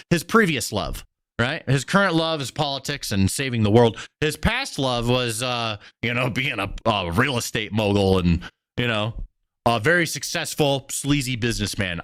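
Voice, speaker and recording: A young man riffing on a live stream, excitable and slangy, swearing freely as he reacts. His pitch swings around a lot. The sound is dry and close. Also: normal speed, no room sound. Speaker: streamer host. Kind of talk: casual political commentary stream.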